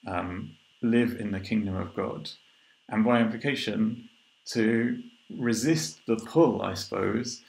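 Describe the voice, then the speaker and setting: A man with a low, gravelly voice gives an unhurried sermon, reading scripture and then talking it through. He thinks aloud with plenty of ums and restarts. The sound is roomy, with echo all around him. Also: darkish tone. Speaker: preacher.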